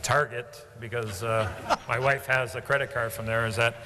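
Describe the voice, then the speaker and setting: A man's voice: mid-range voice, steady tone, normal speed. A man at a banquet giving away raffle tickets, rambling and joking with frequent hesitations. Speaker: banquet guest presenting a raffle prize. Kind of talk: casual banquet remarks. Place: large indoor banquet hall. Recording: echoey banquet hall with background noise.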